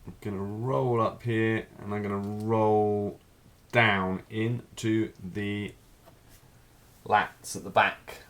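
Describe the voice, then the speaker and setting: Speaking slowly in a fairly low voice, a male instructor leads a live figure drawing session. He narrates every stroke while drawing, in an easygoing, think-aloud style.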